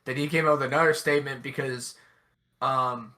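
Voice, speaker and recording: A young man co-hosting a casual podcast chat, blunt and animated, swearing freely. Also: medium pitch, a little fast. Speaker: podcast co-host.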